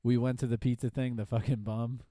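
A young man talks fast and eagerly among friends, swearing and laughing through his memories. The recording is dry and close. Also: mid-range voice, level tone, warm tone, no echo. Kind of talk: casual chat.

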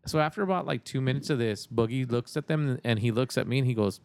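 A man's voice: mid-range voice, brisk, creaky, few pauses, dry recording. A man on a podcast telling a story in a laid-back, profane way, often saying "man". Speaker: podcast guest. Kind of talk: casual storytelling chat.

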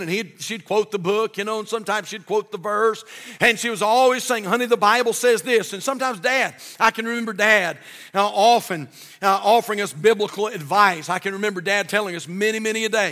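An older man preaches from the pulpit in a folksy, fervent way, often repeating himself. His voice sits high and sounds bright and forceful. The sound rings with the long reverb of a church sanctuary. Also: fairly quick. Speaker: pastor. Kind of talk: sermon.

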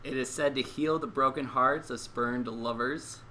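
A man acting as quiz master on a casual podcast, reading the questions out deliberately and teasing the others. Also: mid-range voice, steady tone, pushed and bright, a little hiss or hum, rough recording.

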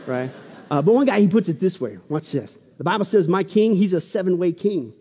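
A male pastor preaching a sermon, swinging between loud exclamations and hushed asides. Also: high-pitched, expressive, fairly quick, slightly rough, long reverb tail.

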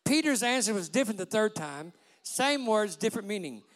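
A man preaching a sermon with passion, dropping to a hush for quoted words. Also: high voice, big pitch swings, a little fast. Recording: long hall reverb.

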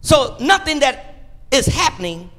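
A man preaching a sermon in church, in a call-and-response style that swings between shouts and quiet asides. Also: extremely high pitch, very animated, unhurried. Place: church sanctuary.

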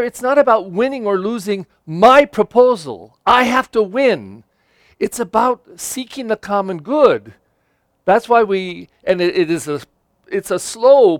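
Animated priest preaching. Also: male voice, high-pitched. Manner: animated, acts out quotes and exclamations. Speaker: pastor. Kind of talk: sermon.

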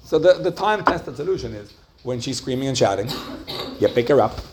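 A man teaching a class, telling a story with lively rises and soft drops and asking his listeners questions. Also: mid-range voice, fairly quick, very noisy. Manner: animated storytelling, rising excitedly and dropping softly. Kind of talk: lively lecture with questions to the audience.

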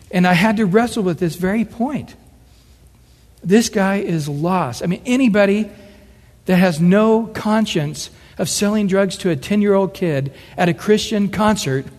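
A man's voice: high voice, darkish tone. Earnest male preacher in a reverberant hall. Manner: earnest, conversational, with acted-out quotes. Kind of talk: sermon.

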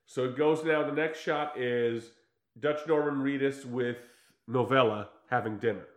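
This podcast co-host speaks at a measured pace in a mid-range voice, recounting a movie in loose, animated chat. He performs the quoted lines, curses without restraint, and the recording has reverb.

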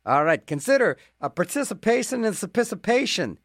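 A man's voice: high-pitched, very animated, fairly quick, fairly bright tone, no echo, clean studio sound. A man hosting a request radio show, talking in a rambling, jokey way with self-mocking asides. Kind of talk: casual radio DJ patter.

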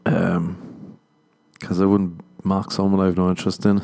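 A man with an Irish accent riffs through a comedic podcast monologue. His voice sits fairly low, and his delivery is dry and self-mocking, broken up by frequent laughs. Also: level tone, moderate pace, creaky, dark tone. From Ireland. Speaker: podcast host.

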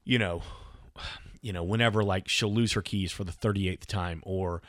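A man co-hosting a casual podcast, telling animated stories. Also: deep voice, normal speed, no room sound. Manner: animated storyteller, mimics his wife in a raised voice. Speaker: podcast co-host. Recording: dry close mic in basement.

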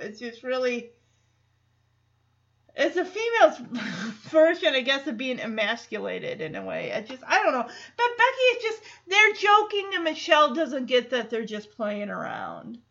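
High-voiced chatty woman podcaster. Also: sing-song, measured pace, a bit bright, highs cut off. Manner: chatty, rambling, lots of "like" fillers. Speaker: podcast host. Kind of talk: casual episode recap.

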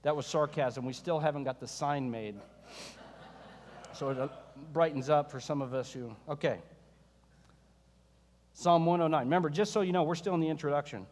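A man preaching a sermon as pastor, conversational and animated, mixing scripture reading with sarcasm and humor. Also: a little high, moderate pace, pauses often, in a large hall, slight background noise.

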